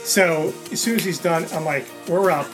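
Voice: medium pitch, moderate pace, music in the background. A co-host in casual chat, recounting the events of a day at length in a conversational way.

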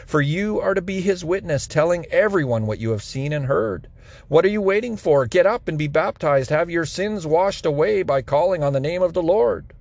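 A man reading the words of Ananias, a devout man of Damascus who speaks gently and urgently. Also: on the high side, animated, moderate pace, creaky. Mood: urging.

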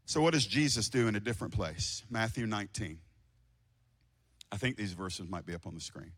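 A man preaching an impassioned sermon to a congregation, swinging from shouting to hushed tones. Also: lowish voice, brisk. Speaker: pastor. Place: church before a congregation.

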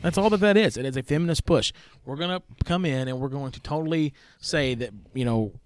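A man's voice: fairly high pitch, fairly quick, clean tone. A man co-hosting a podcast, arguing his opinions emphatically in casual chat full of "like" fillers. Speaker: podcast co-host.

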